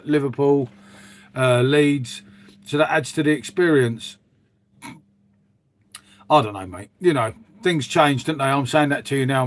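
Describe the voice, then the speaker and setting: A man hosting a casual live stream, chatting to viewers in a rambling, matey way with the odd swear word. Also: mid-range voice. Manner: chatty, rambling, says "mate" constantly, mild swearing.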